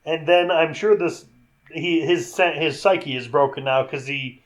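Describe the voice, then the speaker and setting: A man's voice: a little high, a little slow. A man co-hosting a podcast, recapping a film in casual chat, swearing freely and acting out scenes. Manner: animated, swears, quotes scenes in put-on voices. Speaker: podcast co-host.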